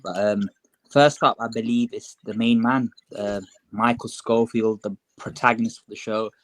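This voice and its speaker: Young man, low voice, dry close sound, casual podcast chat. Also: normal speed, dry recording, rough recording. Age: young adult. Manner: relaxed, chatty, many fillers. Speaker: podcast co-host.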